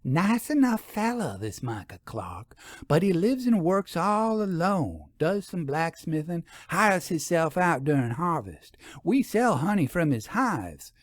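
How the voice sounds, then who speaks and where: A man's voice: fairly high pitch, sing-song, measured pace, no echo, studio quality, voice pushed up. A man voicing a chatty, folksy rural woman who drops her voice to confide. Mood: confiding.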